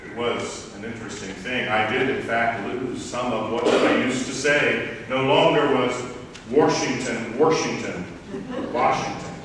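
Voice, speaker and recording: A man's voice: medium pitch, steady tone, moderate pace, hardly any pauses, a bit bright, a little hiss or hum. A man from Southern Maryland preaching a sermon, telling a personal story in a wry, reflective way. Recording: echoey hall, picked up from far off.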